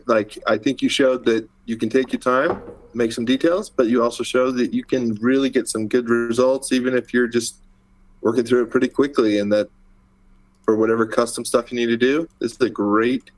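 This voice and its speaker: A man co-hosting a live tutorial stream, relaxed and encouraging in casual chat. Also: medium pitch, rough recording. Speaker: co-host.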